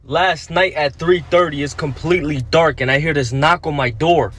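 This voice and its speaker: A man telling a scripted joke as a first-person anecdote, in a deadpan manner. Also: a little high, moderate pace, slightly rough.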